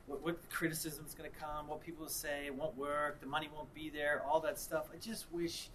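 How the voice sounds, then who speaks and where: A man preaching, mixing reflection with an animated story in which he acts out the people involved. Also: on the high side, fairly quick, a little hiss or hum. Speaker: pastor. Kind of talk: sermon with storytelling.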